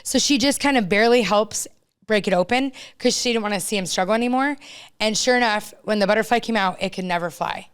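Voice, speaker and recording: Woman podcast co-host, clear resonant voice, heartfelt and chatty, sharing life stories. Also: medium pitch, fast talker. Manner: earnest, heartfelt storyteller with many "like" fillers. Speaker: youth team coach. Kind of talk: casual storytelling chat.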